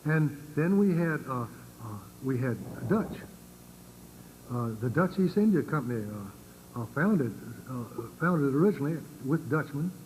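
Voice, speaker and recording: An older man with a Virginian accent giving an informal lecture to a congregation, halting and full of fillers and repeated words. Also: a little high, lively intonation, darkish tone, a little hiss or hum, poor audio. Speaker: church speaker.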